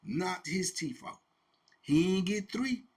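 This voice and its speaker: A middle-aged man casually telling a prison story, animated, with sound effects and quoted voices. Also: sits high, slow, breathy edge. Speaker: host telling prison stories.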